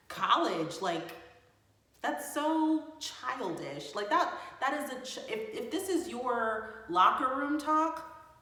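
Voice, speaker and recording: Animated woman recapping a reality show. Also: mid-range voice. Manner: animated, exasperated commentary with laughs. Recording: very echoey room.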